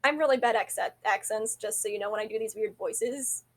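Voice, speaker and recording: A woman's voice: mid-range voice, fairly quick. A young adult woman telling a rambling, self-deprecating story to camera, often correcting herself mid-sentence. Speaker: vlogger.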